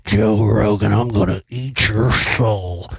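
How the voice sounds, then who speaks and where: A zealous, menacing ranter, as a man puts him on, dropping into a deeper and louder voice than his own. He stretches out each threat slowly, like a fire-and-brimstone preacher. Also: gravelly, husky, no room sound, clean studio sound, heavily acted. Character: zealous ranting man issuing violent threats.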